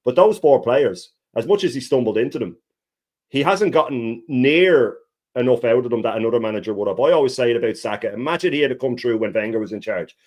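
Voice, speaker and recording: A man's voice: medium pitch, expressive, darkish tone. A man on a live chat as guest, talking in heated, emphatic runs. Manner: fast, heated opinions.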